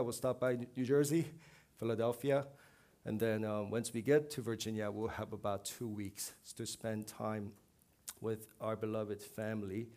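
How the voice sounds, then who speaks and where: A young adult man preaching a sermon as a pastor, earnest, with emphatic rises in pitch and volume on key points. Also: a little mellow.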